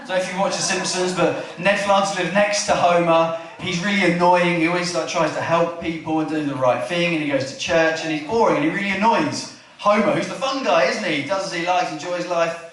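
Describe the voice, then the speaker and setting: A man's voice: high voice, fairly quick, a little hiss or hum. A man preaching a chatty family church sermon, often asking the room questions and acting out the story lines. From England. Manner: chatty, asks the room questions, animated retelling. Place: church hall. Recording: echoey hall from far off.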